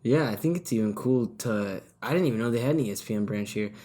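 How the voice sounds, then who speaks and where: A young man hosting a podcast, chatty and quick to react, swearing casually. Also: mid-range voice, warm tone. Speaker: podcast host. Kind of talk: casual chat. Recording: echoey room.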